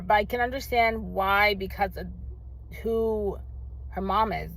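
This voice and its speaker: A woman's voice: a little high, measured pace, no echo, low-quality recording. A young woman in a casual vlog, heatedly ranting about a documentary, swearing often and speaking with emphatic outbursts. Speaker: vlogger reacting to a documentary. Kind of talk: casual angry rant.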